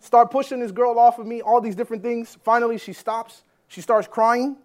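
A man preaching a sermon as a personal story, animated, swinging between loud bursts and hushed lines. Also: very high-pitched, normal speed. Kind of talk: sermon testimony.

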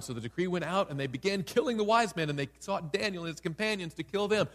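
A man delivers a sermon, his voice sitting a little high. He tells the story in an animated way and tosses in playful asides. A long reverb trails behind him, like in a large church hall. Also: fast talker, few pauses. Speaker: preacher.

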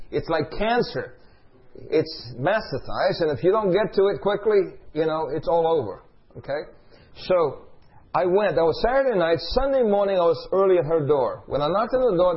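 A middle-aged male preacher with a fairly high, slightly rough voice gives a sermon, telling a story and posing call-and-response questions to the congregation. The recording is dull and lo-fi.

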